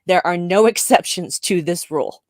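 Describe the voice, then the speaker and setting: A woman's voice: fairly low pitch, moderate pace, no echo, clean studio sound. A woman co-hosting a live discussion show who speaks emphatically and opinionatedly, laughing often. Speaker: podcast co-host.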